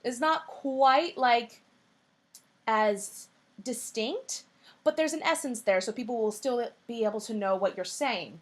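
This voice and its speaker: A woman's voice: fairly high pitch, a little slow. A woman voice teacher giving a singing lesson in a patient, coaching way, her voice a little scratchy. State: slightly scratchy voice.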